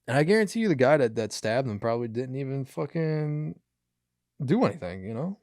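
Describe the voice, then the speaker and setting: A man's voice: medium pitch, big pitch swings, fairly quick, darkish tone, no echo, clean studio sound. A young man hosting a podcast, chatting casually about news clips, rambling and swearing with many fillers. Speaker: podcast host.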